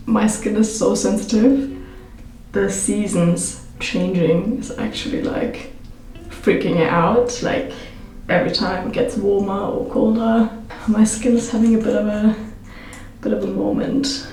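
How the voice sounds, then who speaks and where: A woman's voice: mid-range voice, unhurried, long pauses, warm tone, slight background noise. A young woman with a German accent, chatting casually in a home vlog and filling her talk with "like" and "um". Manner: chatty, with many fillers like "like" and "um". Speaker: vlogger. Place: home in London.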